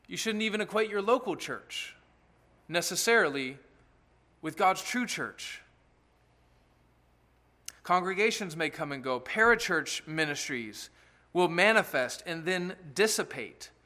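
Male pastor, sermon, high voice, bright tone, emphatic delivery with asides to the congregation.

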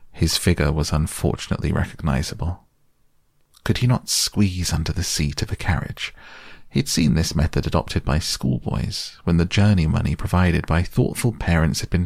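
Low gravelly man reading a children's classic, dry close sound, measured storytelling. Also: a little mellow, dry recording. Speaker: narrator. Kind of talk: storybook narration.

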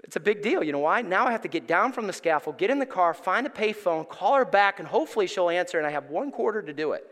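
A middle-aged male pastor preaching in a church, his voice high and bright as it swings up and down through a lively story. Long reverb from the hall trails each phrase. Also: quick pace, few pauses. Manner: animated, acts out voices in his stories. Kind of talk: storytelling sermon. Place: church sanctuary.

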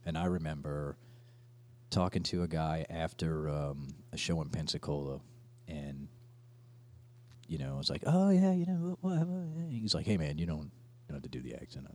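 A man chatting as a podcast guest, telling animated stories and acting out the dialogue. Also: very deep voice, moderate pace, long pauses. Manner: animated storyteller who acts out dialogue. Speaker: podcast guest, tribute band singer. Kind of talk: casual chat.

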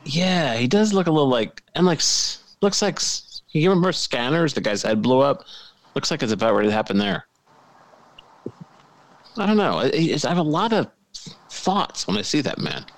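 A man's voice: on the high side, sing-song, normal speed, no room sound. A man co-hosting a podcast in casual chat, rambling and joking, often repeating himself. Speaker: podcast co-host.

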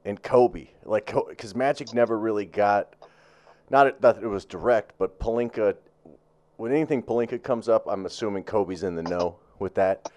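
A man's voice: on the low side, normal speed, darkish tone. A man co-hosting a sports chat show, talking in a rambling, profane way with lots of fillers and restarts.

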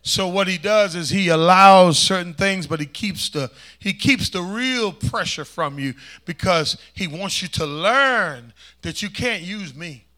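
A man preaching a sermon as pastor, calling for responses from the congregation and swinging between loud emphasis and hushed asides. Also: sits high, unhurried, few pauses.

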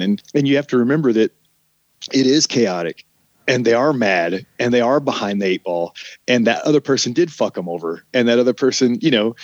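A man's voice: lowish voice, dry recording. Candid rambling man, dull dry sound. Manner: rambling, candid, swears casually. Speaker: former restaurant manager. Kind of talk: casual conversation.

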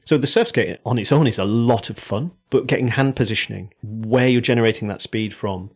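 A man with a lowish, creaky, husky voice co-hosts a podcast. He chats casually and rambles as he thinks out loud.

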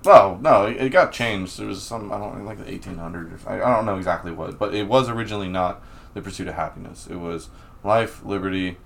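A laid-back man in casual conversation, musing out loud and laughing often. His voice is very low with a gravelly fry. Faint hiss sits behind him. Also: fast. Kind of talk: casual chat.

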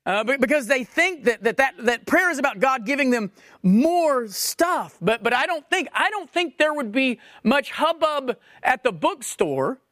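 A man's voice: very high voice, big pitch swings, a little slow, sharp tone, no room sound, studio quality. A man preaching a sermon, emphatic and questioning, repeating phrases for stress. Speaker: pastor.

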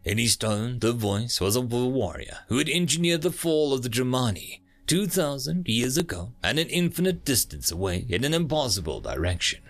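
Guy reading a thriller audiobook, gravelly, lots of ups and downs, quiet music behind. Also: mid-range voice. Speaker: narrator. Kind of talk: audiobook narration.

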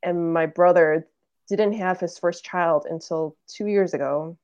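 A woman in her thirties appears as a podcast guest, earnestly telling a family story in casual conversation and acting out what her relatives said. Her voice is on the low side, unhurried and a little mellow, captured in a lo-fi recording with no room sound.

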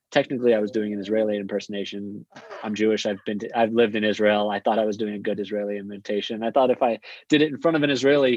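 A man's voice: lowish voice, darkish tone, dry recording. Chatty young man telling stories. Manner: quick, chatty, lots of fillers. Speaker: guest. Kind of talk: casual storytelling. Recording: dull lo-fi sound.

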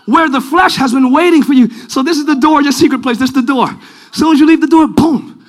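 A man preaching a live church sermon, leading the congregation in call-and-response and often shouting. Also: extremely high pitch, normal speed. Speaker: pastor. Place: large church sanctuary.

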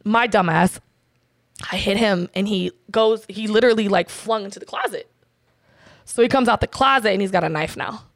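A woman's voice: mid-range voice, normal speed, dry recording, studio quality. A woman in an interview, candidly telling a personal story in blunt, profane talk full of fillers. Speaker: interview guest.

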